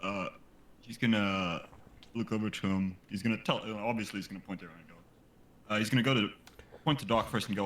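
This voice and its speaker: A man playing at a tabletop game, talking casually and thinking out loud with hesitant fillers. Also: lowish voice, fairly quick. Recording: roomy, echoey mic.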